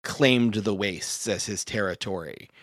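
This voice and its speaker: A man's voice: on the low side, a little slow, fairly bright tone, dry recording, clean studio sound. A man in a casual tabletop game chat, thinking aloud in a loose way and often breaking into laughs between ideas. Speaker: co-host and game runner.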